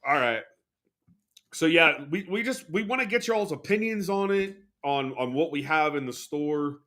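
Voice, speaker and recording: A man's voice: fairly high pitch, moderate pace, fairly bright tone. A man hosting a podcast in loose, rambling casual chat, swearing freely. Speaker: podcast host.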